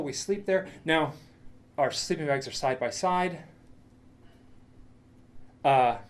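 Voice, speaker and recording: A man's voice: fairly high pitch, a little mellow. A man presenting a lecture with slides, telling a story with enthusiasm, many restarts and asides.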